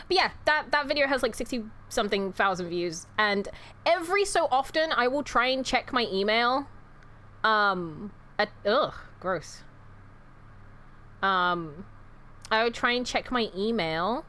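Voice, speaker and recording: Lively rambling young woman streamer. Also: medium pitch, a little slow. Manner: rambling, self-correcting, sweary. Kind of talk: casual chat with viewers.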